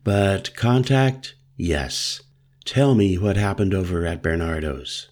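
A man's voice: sits low, slow pace, a little mellow. A man voicing a big, lumbering older man who is agitated and gives clipped, urgent orders.

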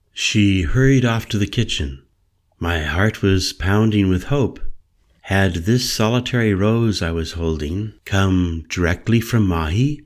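Slow, low-voiced male story narrator. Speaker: audiobook narrator. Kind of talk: first-person scripted narration.

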